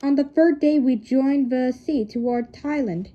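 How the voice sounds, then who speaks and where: A woman's voice: high voice, a little slow. A woman reading a novel aloud, stumbling and correcting herself, with chatty asides to listeners. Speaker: reader. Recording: dull lo-fi recording.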